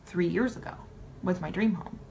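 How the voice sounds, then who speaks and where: A woman's voice: lowish voice, moderate pace, vocal fry, darkish tone, slight background noise, poor audio. A woman giving a live-streamed motivational talk, emphatic and blunt, swearing casually and repeating her points for emphasis. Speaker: motivational speaker.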